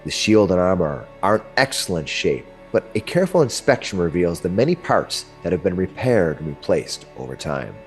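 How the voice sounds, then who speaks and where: A man narrating a tabletop game as game master, telling the scene with animated, laughing energy. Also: low-pitched, normal speed, hardly any pauses, faint music behind.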